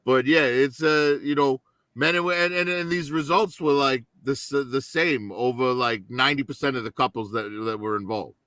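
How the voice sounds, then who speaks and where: Male co-host, bright voice, conversational storyteller who checks in with "right?". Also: medium pitch, normal speed, no room sound. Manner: storytelling with frequent "right?" tags. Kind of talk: casual chat.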